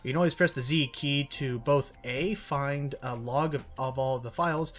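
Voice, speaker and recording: A man's voice: mid-range voice, normal speed, fairly bright tone, faint music behind. A young man doing casual, jokey let's-play commentary as co-host, often restarting and talking over others.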